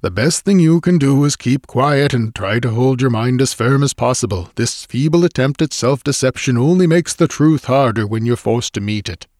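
A man's voice: expressive, a little mellow, dry recording, clean studio sound, lightly acted. A man voicing a grave, uneasy adventurer. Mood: scornful. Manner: slow, earnest, low and scornful at times. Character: grave, uneasy male canoeing companion, quietly intense.

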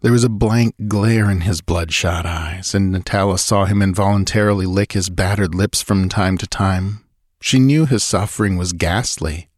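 A man narrating an audiobook in a measured, even storytelling manner on a close mic. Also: low voice, no room sound. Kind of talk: scripted narration.

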